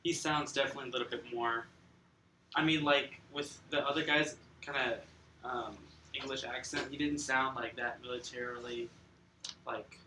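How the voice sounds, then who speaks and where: A man's voice: medium pitch, fairly even intonation, moderate pace, sharp tone, a little hiss or hum. A young male student answering casually in class, with lots of fillers. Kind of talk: classroom discussion. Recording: roomy, distant classroom recording.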